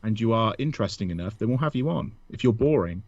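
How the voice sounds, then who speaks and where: Casual male podcast co-host, self-mocking and jokey, lively lowish voice, slightly dull recording. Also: fast. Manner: joking, laughs often, self-mocking. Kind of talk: casual chat.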